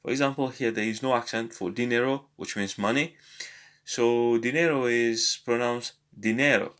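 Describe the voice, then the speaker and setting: A man's voice: mid-range voice, fairly even intonation, normal speed, fairly bright tone, clean tone. Hesitant man teaching a language lesson. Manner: hesitant, many fillers and restarts. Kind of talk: casual spoken lesson.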